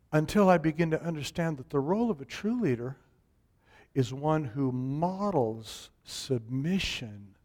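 A man preaching a sermon, telling a personal story in an animated, emphatic way and acting out the people in it. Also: a little high. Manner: animated, emphatic, acts out quoted voices.

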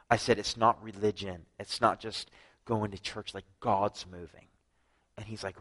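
A man preaching a sermon, telling his own story with lively acted-out dialogue and frequent drops to a hushed voice. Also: lowish voice, moderate pace, low-quality recording. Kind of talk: sermon with personal testimony.

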